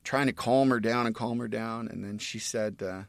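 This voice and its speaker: A man's voice: medium pitch, expressive, unhurried, creaky, fairly bright tone, dry recording, studio quality. A middle-aged man in casual chat, telling family stories in a rambling way with many restarts.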